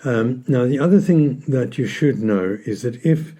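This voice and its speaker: A man calmly explaining a health topic in a measured, instructional talk, stressing key words. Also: medium pitch. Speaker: health educator. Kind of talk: scripted educational talk.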